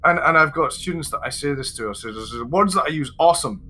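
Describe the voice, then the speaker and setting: A man with a Scottish accent, a guest on a livestream chat, telling animated stories and acting out the voices of people he quotes. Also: fairly high pitch, fast talker, music in the background. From Scotland.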